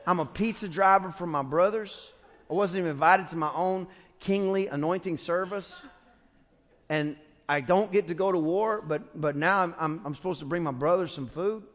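Joking pastor in an echoing church. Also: male voice, high-pitched, moderate pace, fairly bright tone. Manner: humorous, conversational storytelling with restarts. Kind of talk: sermon. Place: church sanctuary. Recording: long church-hall reverb.

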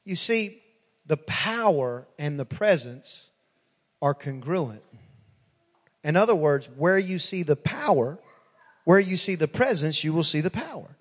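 A male pastor preaches with emphatic repetition, his voice sitting fairly high. He stacks phrase on phrase and retells conversations line by line. The sound carries a long reverb from the church hall. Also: big pitch swings, unhurried, long pauses. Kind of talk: sermon.

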